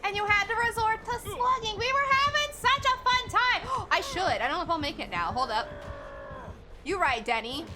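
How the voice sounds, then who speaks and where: A woman streamer giving excitable, laughing commentary on her gameplay as she talks to the teammates on screen. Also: extremely high pitch, normal speed, noisy background.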